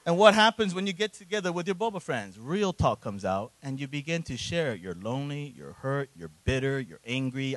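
A middle-aged man, a guest pastor, preaching a sermon and addressing the congregation directly with frequent "right?", rising to shouts at the high points. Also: normal speed, hardly any pauses, no room sound, low-quality recording. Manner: animated, rising to shouts at peaks.

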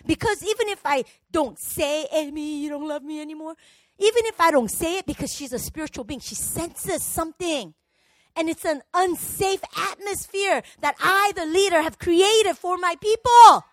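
A woman's voice: extremely high pitch, animated, normal speed, no room sound. A woman church leader giving a personal testimony sermon, telling her story emotionally and animatedly, with lots of "like".

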